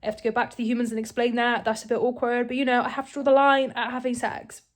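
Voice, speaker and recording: A woman's voice: on the high side, little pitch movement, fast talker, natural voice. Offhand young heroine, breezy and flippant, as a book vlogger puts her on. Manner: offhand, mock-casual.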